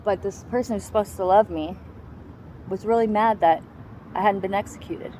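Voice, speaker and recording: A woman's voice: mid-range voice, normal speed, mellow, a little hiss or hum, low-quality recording. A woman giving a raw, personal account of surviving an attack, in a blunt and heavily profane way. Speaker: survivor telling her story.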